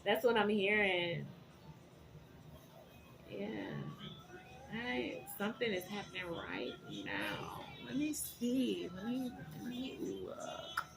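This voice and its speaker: A woman giving a tarot reading to her viewers, animated and dramatic, often checking in with "okay?". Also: mid-range voice, takes it slowly, creaky, pauses often, music in the background. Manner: animated, keeps asking "okay?". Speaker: tarot reader.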